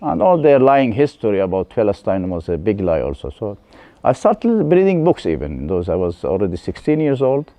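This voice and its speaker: A man with an Arabic accent, a guest telling his life story in halting English with many restarts. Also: lowish voice, big pitch swings, warm tone, no room sound. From West Bank. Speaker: interview guest.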